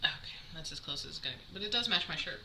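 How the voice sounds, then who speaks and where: Woman, low voice, rambling show-and-tell host, echoey room with noise behind. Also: animated, racing, gravelly. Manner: chatty, rambling, many ums, laughs at herself. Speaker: knitting podcast host. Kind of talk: casual show-and-tell chat.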